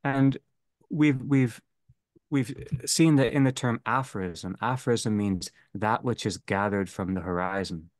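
A man leading a theology seminar, speaking slowly and deliberately and restating each phrase. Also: fairly low pitch, no echo. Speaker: seminar leader. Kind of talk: theology lecture.

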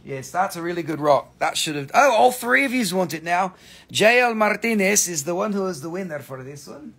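Gravelly joking man hosting a sale. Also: sits high, expressive, brisk, a bit bright, slight background noise. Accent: American. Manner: joking, profane, rambling while showing stones. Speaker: crystal shop live-sale host. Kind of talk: casual live-stream sales chat.

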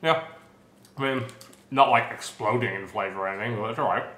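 A man's voice: medium pitch, brisk, a bit bright, roomy sound. A man tasting snacks on camera in casual chat, grumbling and sarcastic. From United Kingdom. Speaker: snack taster.

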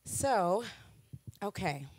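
A woman's voice: medium pitch, extremely slow, no echo. A woman from Wisconsin, a guest speaker at a church, sharing family stories in a chatty way, laughing often and poking fun at herself. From Wisconsin, USA. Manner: laughing, self-mocking, lively storytelling. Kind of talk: chatty personal sharing to a congregation.

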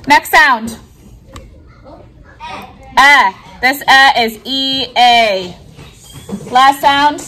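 A young woman teacher, talking quietly to camera in a vlog and calling out spelling words to her class in a classroom. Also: high voice, drawn-out words. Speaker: elementary school teacher.

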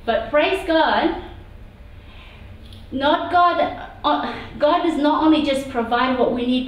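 High-voiced woman preaching in echoey hall. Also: recorded from a distance. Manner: animated, conversational, with asides. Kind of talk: sermon. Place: church meeting room.

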